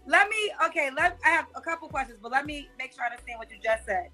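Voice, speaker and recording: Quick bright-voiced woman host. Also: high-pitched, expressive, soft background music. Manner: incredulous, probing questions. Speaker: talk show host. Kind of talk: talk-show interview.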